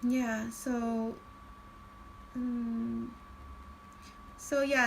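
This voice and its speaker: A woman giving a casual spiritual card reading, chatty and laughing often, slowing into a calm tone at times. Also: on the high side, a little hiss or hum, rough recording. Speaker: tarot card reader.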